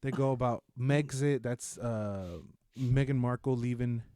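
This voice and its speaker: A man's voice: mid-range voice, steady tone, a little slow, dark tone, clear, resonant tone, no room sound, clean studio sound. A man co-hosting a casual podcast, talking through what he watched in a rambling, profane, self-mocking way. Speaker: podcast co-host. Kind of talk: casual chat reviewing shows.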